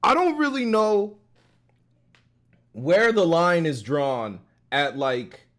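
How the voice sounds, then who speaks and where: Casual male streamer, slangy and animated, sits a touch high. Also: slow pace. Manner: loose, slangy, laughs often, lots of fillers. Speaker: streamer reacting to a video. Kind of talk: casual chat.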